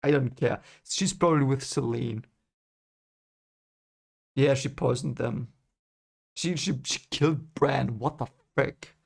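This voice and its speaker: Brief: man, gravelly voice, emotional first-time reading reaction. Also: medium pitch, slow, pauses often. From Germany. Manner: emotional, reactive, swears and apologizes. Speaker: channel host reading a book aloud.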